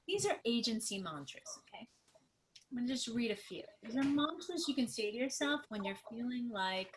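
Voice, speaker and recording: A middle-aged woman co-hosting a talk, reading questions and affirmations aloud slowly and earnestly. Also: fairly high pitch, big pitch swings, a little hiss or hum. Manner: earnest, reads slowly with emphasis. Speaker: adoption professional and co-host.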